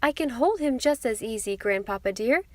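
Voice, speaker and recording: A woman's voice: fairly high pitch, lively intonation, moderate pace, a little mellow, no echo, pitched above the performer's own voice, lightly acted. A woman reading an audiobook, voicing a sweet, pleading little girl. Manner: wistful, coaxing.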